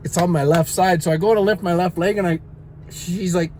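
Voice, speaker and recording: A man's voice: high-pitched, fairly even intonation, a little fast, darkish tone, soft background music. A middle-aged man in back pain, casually telling viewers a rambling, self-mocking story and chuckling at his own jokes. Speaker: vlogger and songwriter.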